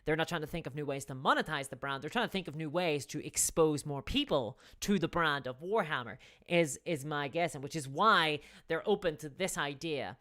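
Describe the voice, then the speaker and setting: A woman's voice: low-pitched, normal speed, hardly any pauses, fairly bright tone. A woman hosting a live stream, chatting casually, rambling with restarts and thanking viewers for donations. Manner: rambling, with frequent restarts and fillers.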